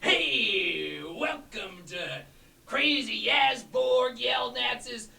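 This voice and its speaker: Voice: mid-range voice, lively intonation, very slow, vocal fry, pushed and bright, pitched above the performer's own voice, full character voice. A player voicing a rambling male catfish-like potion peddler in a tabletop game, with frantic huckster patter. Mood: boastful. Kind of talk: tabletop role-play. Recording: roomy, distant mic.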